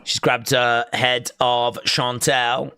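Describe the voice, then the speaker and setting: A young man hosting a live wrestling watch-along, calling the action and chatting with viewers, often shouting at big moves. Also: medium pitch, level tone, slow pace, clear, resonant tone, no room sound, clean studio sound.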